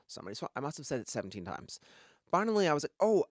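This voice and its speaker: A man co-hosting a podcast, telling stories in a casual chat with lively swearing. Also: fairly high pitch, dry recording, clean studio sound. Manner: rapid, animated storytelling with lots of swearing. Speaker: podcast co-host.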